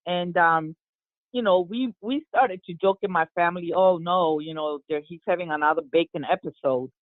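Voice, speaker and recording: A woman, an eyewitness, recounting an incident in an interview, halting with many fillers and restarts. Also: fairly low pitch, dry recording. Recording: tinny phone-line audio, dry.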